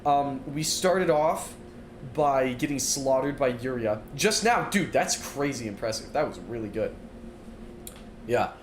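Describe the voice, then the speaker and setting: A young man streaming a game, chatting casually and rambling with lots of fillers while he plays and reads chat aloud. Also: fairly high pitch. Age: young adult. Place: dorm-style room, standing while streaming. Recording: roomy echo, faint room noise.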